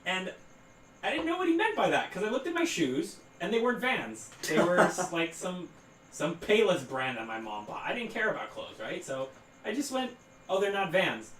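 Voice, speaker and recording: A man's voice: high-pitched, big pitch swings, moderate pace, fairly bright tone, distant mic. A man in his twenties, co-hosting a podcast, telling a rambling story full of fillers and laughing through it. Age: 20s. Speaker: podcast co-host. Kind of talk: casual storytelling chat. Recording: roomy echo, off-mic, faint noise.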